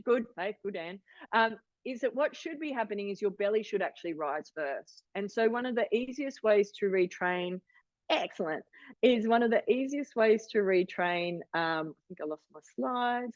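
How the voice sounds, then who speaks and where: A woman in her forties leads an online wellness workshop over a video call, chatty and encouraging, with frequent restarts. Her mid-range voice has lively intonation and a moderate pace, and the audio is dull with no room sound.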